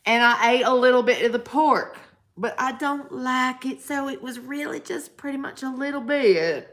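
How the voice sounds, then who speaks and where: A woman's voice: high-pitched, moderate pace, a bit bright. A woman hosting a livestream, chatting casually with viewers, blunt and profane, calling them by pet names. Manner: teasing, affectionate pet names. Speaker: livestream host answering chat.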